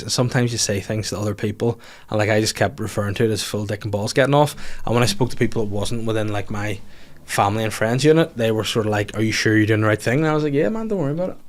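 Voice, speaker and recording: A young man with a Northern Irish accent tells a comic story on a podcast in a loose, chatty way. He laughs along as he goes and often jumps up into high, mocking voices to quote people. His voice sits at a middle pitch. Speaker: podcast host. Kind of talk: casual comedic storytelling.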